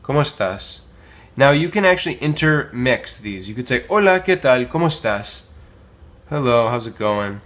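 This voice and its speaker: A man teaching a casual language lesson, modelling phrases slowly with many pauses and filler words. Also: mid-range voice, expressive, fairly bright tone. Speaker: Spanish teacher.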